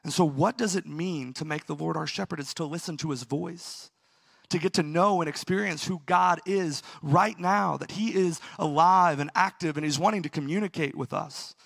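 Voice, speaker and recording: A pastor delivers a sermon, earnestly telling a story and sometimes laughing at himself. His voice is a little high for a man, a bit bright, with a gravelly edge, at normal speed. The sound is dry and close, with no room sound.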